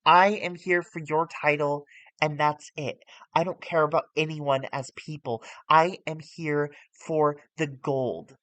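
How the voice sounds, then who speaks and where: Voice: medium pitch, steady tone, measured pace, a bit bright, dry recording, lightly acted, poor audio. A streamer voicing a brash, rude male wrestler who rejects any help, in a casual quote during a game stream. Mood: dismissive. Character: brash wrestler, adult man, rude and self-reliant.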